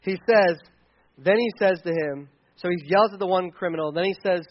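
A man with a rather high voice preaches a sermon in a loose, conversational way, often starting sentences over. The recording sounds dull and lo-fi. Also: fairly quick. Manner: conversational preaching with frequent restarts and fillers. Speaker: pastor.

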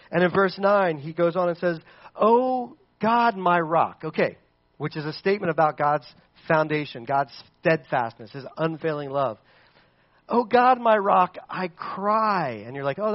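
Man, pastor, sermon, earnest, fairly high voice, dull lo-fi recording. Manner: earnest, swings from loud pleading to soft hushed delivery.

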